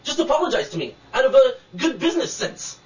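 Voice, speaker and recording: Indignant high-voiced man ranting. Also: very animated, fast talker, reverberant, recorded from a distance, muffled recording. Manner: indignant, blunt, swears freely. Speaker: vlogger telling a personal complaint. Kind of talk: casual video rant to camera.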